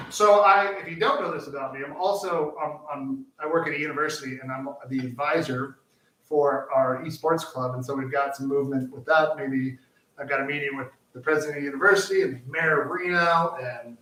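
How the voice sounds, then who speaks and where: Man, slightly high voice, rambling cooking-show chat, roomy kitchen sound, mic a bit far off. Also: steady tone, a little fast, bright, forceful tone. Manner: rambling, full of fillers and restarts. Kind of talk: casual chat while cooking. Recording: roomy, distant mic, faint noise.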